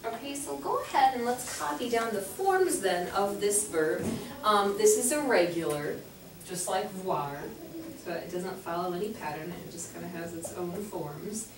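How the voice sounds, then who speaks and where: A woman's voice: medium pitch, expressive, moderate pace, background noise. Woman teaching French in an echoey classroom. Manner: explains patiently, spells words out letter by letter. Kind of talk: classroom instruction. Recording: echoey classroom heard from a distance.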